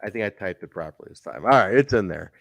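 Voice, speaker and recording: A man with a lowish, very lively voice co-hosts a casual podcast. He talks in an animated way, swears and laughs often, and the recording is close and dry. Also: fast talker, creaky, no echo. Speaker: podcast co-host. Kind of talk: casual chat reviewing wrestling.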